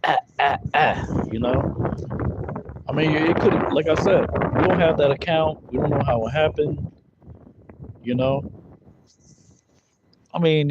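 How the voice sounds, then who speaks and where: A Bible teacher with a medium-pitched voice explains scripture loosely and conversationally, peppering his talk with fillers and tag questions. The recording is dull and lo-fi, with background noise.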